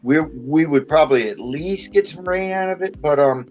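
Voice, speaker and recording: A man's voice: fairly high pitch, moderate pace, darkish tone, faint music behind. A man telling rambling stories in casual chat, swearing offhand. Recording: dull lo-fi mic.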